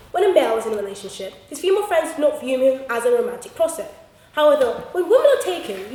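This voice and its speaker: Picked up from a distance in an echoey hall, a young female student debater gives a funny speech in a debating chamber with punchy, theatrical comic delivery. Her voice is high, and there's a little hiss or hum.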